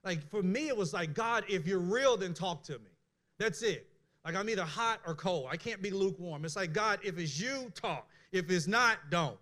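A middle-aged man preaching a conversational sermon, candid and animated, with many restarts. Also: sits high.

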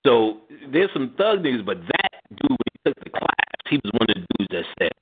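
A man's voice: mid-range voice, big pitch swings, brisk, very noisy. A middle-aged man, host of a radio show, telling stories in casual, profane talk, laughing often and acting out what others said. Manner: profane, laughing, acts out quotes in voices. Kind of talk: casual storytelling chat. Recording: phone-line sound.

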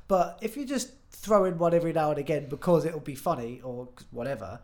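A man's voice: a little high, animated, fairly quick, darkish tone. A young man, a musician guest, chatting casually on a podcast, swearing freely and laughing easily.

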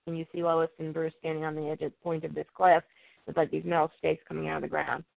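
A comic book reviewer casually recaps an issue, rambling and reading the dialogue aloud plainly. His mid-range voice is creaky and completely flat, the pace quick. The recording is tinny and dry like a phone, with no echo.

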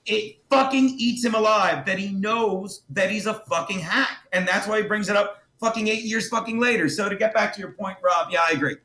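A comedian on a podcast tells his story with a high, lively voice and a lot of swearing. He keeps slipping into other people's voices to act them out. The studio has a roomy echo. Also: brisk, hardly any pauses. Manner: profane, animated, mimics others in quotes. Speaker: guest comedian.

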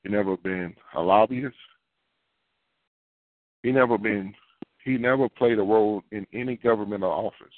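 A man's voice: lowish voice, moderate pace, long pauses, no echo. A man preaching a sermon in a conversational, repetitive style with folksy asides. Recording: dry, phone-like narrow sound.

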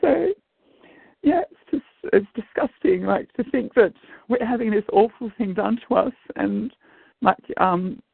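A man's voice: sits high, expressive, unhurried, creaky, slightly rough, no echo. Man on a tinny line. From Australia. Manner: rambling, earnest, agitated. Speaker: guest. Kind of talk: personal account. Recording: dry tinny phone-like line.

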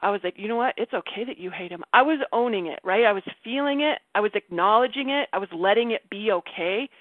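A woman's voice: mid-range voice, fast, no echo. Chatty woman on a group call, keeps laughing and restarting, dry tinny phone sound. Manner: animated, self-interrupting, laughs often. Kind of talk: candid personal storytelling. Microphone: video call.

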